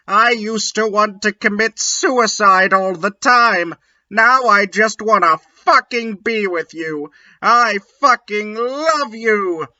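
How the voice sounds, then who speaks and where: A melodramatic goth teenage wizard boy, put on by a man, declaring his love at full volume. The voice sits well above a man's usual register and pushes loud and strained. The sound is dull and lo-fi. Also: sits high, pitched above the performer's own voice, full character voice. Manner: melodramatic shouting. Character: lovesick goth teen boy wizard, overwrought.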